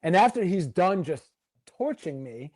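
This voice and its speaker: A man's voice: high voice, very animated, unhurried, darkish tone, no echo. A man as a podcast guest, telling a long backstage story in a rambling, filler-heavy way and acting out what others said. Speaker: podcast guest, former wrestling writer. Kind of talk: casual storytelling interview.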